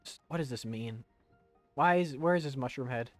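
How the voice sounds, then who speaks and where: A man's voice: mid-range voice, moderate pace, no room sound, faint music behind. A young man chatting loosely while playing a video game on stream, joking and rambling. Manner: rambling and jokey, breaking into silly voices. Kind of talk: casual let's-play commentary.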